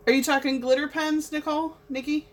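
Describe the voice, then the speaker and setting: Brief: young woman, bubbly craft livestream host, a fairly high voice, chatty asides while she works. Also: fairly even intonation, brisk. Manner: bubbly, chatty, talks to viewers while working. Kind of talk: casual chat while painting.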